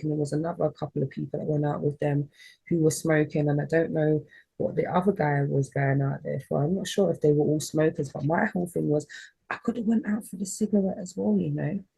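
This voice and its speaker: A woman's voice: fairly low pitch, vocal fry, dark tone, slightly rough, low-quality recording. A woman, a spiritual reader telling an emotional personal story in a rambling, heartfelt way on her vlog.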